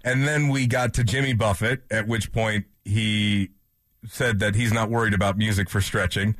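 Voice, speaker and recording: A man co-hosts a sports radio show with a husky, slightly raspy voice. His sound is dry and close, and he keeps the conversation easygoing. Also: fairly low pitch, fairly even intonation, moderate pace, fairly bright tone, dry recording. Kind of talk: sports talk radio chat.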